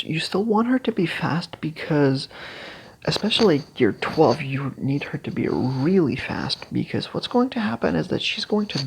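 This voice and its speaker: A casual game strategy guide creator explaining team builds haltingly, with many fillers and restarts, and clearing their throat now and then. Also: mid-range voice, slight background noise, low-quality recording.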